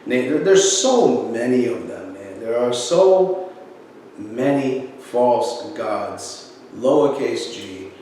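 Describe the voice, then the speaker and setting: A man's voice: medium pitch, lively intonation, slow pace, dark tone. A man giving an informal religious talk, rambling and emphatic, often stopping to fire rhetorical questions at his viewers. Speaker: Christian video preacher. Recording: very echoey room, distant mic, faint background hiss.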